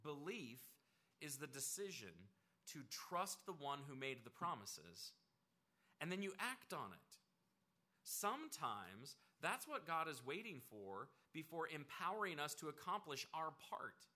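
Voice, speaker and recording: A man preaching a sermon in a bright, sharp voice. He talks to the congregation conversationally and leans into points with emphatic repetition. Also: on the high side, very animated, a little slow. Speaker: pastor.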